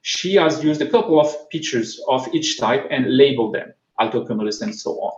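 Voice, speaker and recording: Male conference speaker, French accent, hesitant delivery full of fillers, mid-pitched, roomy and slightly dull recording. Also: animated, a little mellow. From France. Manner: halting, frequent repeats and fillers. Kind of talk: technical conference talk.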